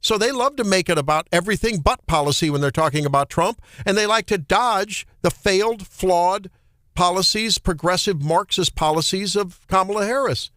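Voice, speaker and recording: A Midwestern man hosting talk radio, fired up and indignant, with a fairly high voice. He stumbles and restarts as he argues. The studio sound is dry and close. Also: normal speed, no echo. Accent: Midwestern American. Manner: animated, indignant, repeats and restarts. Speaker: radio talk show host. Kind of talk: opinionated political talk radio.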